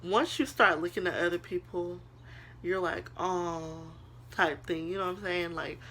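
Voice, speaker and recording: A woman's voice: on the low side, fairly even intonation, moderate pace, background noise. A young woman vlogger in casual motivational talk to the camera, earnest and preachy, calling viewers girl and honey.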